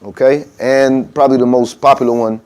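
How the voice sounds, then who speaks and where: A man's voice: medium pitch, steady tone, fairly quick, darkish tone, smooth. A man teaching a workshop in a mosque room. He talks casually, checks in often with "okay?" and says pronunciations aloud to show them. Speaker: adhan workshop instructor.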